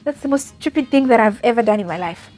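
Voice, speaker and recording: A young woman with a Kenyan accent tells her stories in a loose, chatty way, full of fillers and quick laughs at her own expense. Her voice sits a little high. Light music plays quietly behind her. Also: expressive. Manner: chatty, self-mocking, laughs often, many fillers. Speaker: au pair. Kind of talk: casual storytelling vlog.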